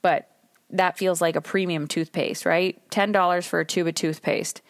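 A woman's voice: fairly low pitch, fairly even intonation, normal speed, dry recording. A woman in her thirties talks through a solo podcast episode while sitting in her car, and the sound is close and dry. She speaks candidly and with emphasis, swears now and then, and acts out little scenes as she makes her points. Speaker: podcast host.

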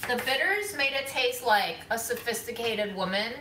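A woman's voice: on the high side, lively intonation, normal speed, bright, forceful tone, distant mic, slight background noise. A woman co-hosting a home cooking vlog, chatting casually in a playful, effusive way and describing tastes and smells. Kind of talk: casual chat. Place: home kitchen. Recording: echoey kitchen, off-mic, clattering dishes.

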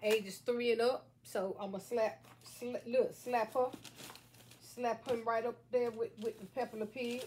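A woman's voice: fairly high pitch, little pitch movement, a little slow, darkish tone, slight background noise. A middle-aged woman chatting folksily to her viewers while showing a craft at home, recorded on a camera set on a table. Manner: folksy, playful, talks straight to viewers. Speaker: craft vlogger. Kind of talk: chatty how-to vlog. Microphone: camera on a stand at a table.

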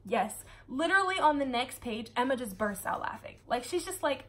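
A woman's voice: sits high, very animated, normal speed, a bit bright. A woman reviewing a book in a casual, chatty way, full of sarcastic asides and laughter.

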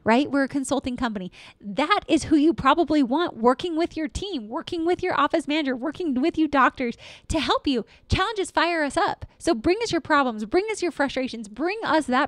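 A woman hosts her own podcast, speaking with energy and emphasis and circling back to repeated affirmations. Her voice sits a little high. The recording is dry and close, with no room sound. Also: animated, a little fast, dry recording. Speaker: podcast host and dental practice consultant. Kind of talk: solo motivational podcast talk.

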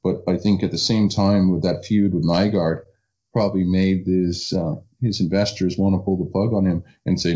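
A man with a deep, dark voice talks in a casual interview, doubtful and halting, tripping over repeated words. The recording is dull and lo-fi. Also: fairly even intonation.

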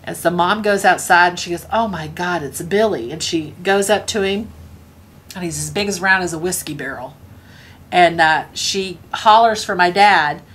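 A woman's voice: fairly low pitch, normal speed, a bit bright. A woman with a Scottish accent telling a family anecdote in a casual way, chuckling often and acting out what her parents said. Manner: chuckling, acts out family members' lines. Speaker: storyteller.

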